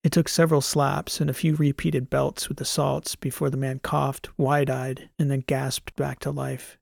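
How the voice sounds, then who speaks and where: A man reading a science fiction story as an audiobook narrator, in a measured, even way. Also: mid-range voice, gravelly, no room sound, clean studio sound. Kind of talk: scripted narration.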